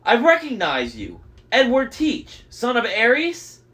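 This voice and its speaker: A man's voice: very high-pitched, huge pitch swings, unhurried, fairly bright tone, pitched above the performer's own voice, exaggerated voice. A man reading aloud voices a brave teenage girl with a firm, defiant delivery.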